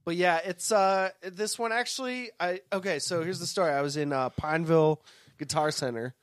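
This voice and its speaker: A man's voice: a little high, moderate pace, no echo. A man co-hosting a podcast as a guitarist, rambling in casual chat with frequent swearing. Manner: rambling, swears and laughs a lot.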